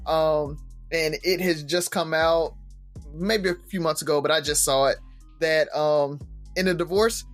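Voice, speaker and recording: A man's voice: fairly high pitch, steady tone, a little slow, soft background music. A man co-hosting a podcast with his brothers, explaining things hesitantly with many ums. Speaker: podcast co-host. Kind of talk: casual chat.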